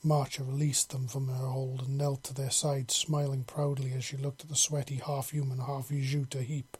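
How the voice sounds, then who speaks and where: A man narrating a story in a steady, unhurried reading. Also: medium pitch, breathy edge.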